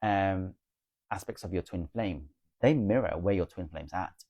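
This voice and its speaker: A man runs a casual spiritual live stream, reading viewers' comments aloud and answering each in a confident, coaching, chatty way. His somewhat low, darkish voice is unhurried and sounds dry and close, as if recorded at home with no room sound.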